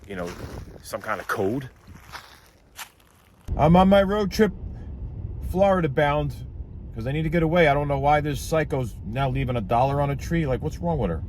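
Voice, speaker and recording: Filming himself in and around his car on a road trip, a man vlogs anxiously about a stalker, asking question after question. This paranormal vlogger moves at a moderate pace with long pauses, dipping into low mutters and then jumping into excited high bursts, while car and road noise fills the background.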